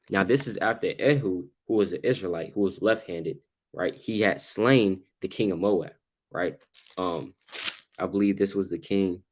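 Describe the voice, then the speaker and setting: A man leading an informal bible study discussion, talking in an animated way and firing off rhetorical questions, often tagging on "right?" and "man". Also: low voice.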